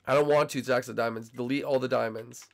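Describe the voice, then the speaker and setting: A young man casually commenting on his gameplay, bantering and teasing his teammates, his voice still a little hoarse as it recovers. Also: medium pitch, fairly even intonation, fast, soft background music. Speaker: gaming channel host.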